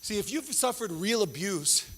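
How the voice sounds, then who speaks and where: A man performing a stand-up comedy set before a live audience, acting out his family in quick voices. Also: high-pitched, a little hiss or hum. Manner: animated, acts out family members in quick voices. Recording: live hall with long reverb.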